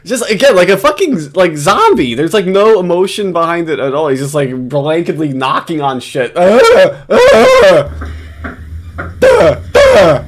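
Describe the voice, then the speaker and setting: A man talks through a video in loose, sarcastic commentary, swearing freely and tripping over his own restarts. His voice sits a bit on the high side for a man. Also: animated, normal speed, few pauses. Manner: rambling, laughing, sarcastic, lots of restarts. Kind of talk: casual profane commentary.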